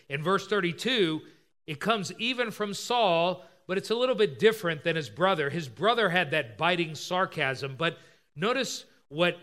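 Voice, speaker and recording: Bright high-voiced male preacher. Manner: expository preaching, acts out quoted voices. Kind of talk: sermon.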